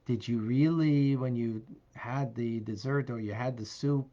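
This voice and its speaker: A man teaching as a rabbi, answering a question casually with many fillers and soft laughs. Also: mid-range voice, unhurried, highs cut off.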